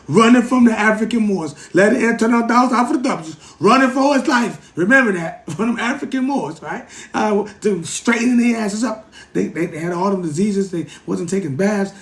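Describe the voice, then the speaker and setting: Gravelly high-voiced man streaming live. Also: echoey room. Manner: animated, repetitive, keeps addressing the chat. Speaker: livestream host. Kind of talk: casual livestream lecture.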